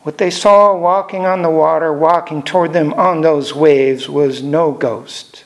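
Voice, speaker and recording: An older man preaching a sermon in a measured way, repeating phrases for emphasis. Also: a little high.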